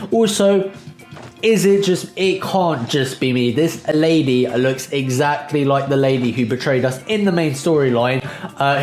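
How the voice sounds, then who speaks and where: A man's voice: medium pitch, a little mellow, reverberant. Chatty man hosting a game play-through. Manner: chatty, jokey, uses "guys" and "um". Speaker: gaming channel host. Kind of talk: let's play commentary.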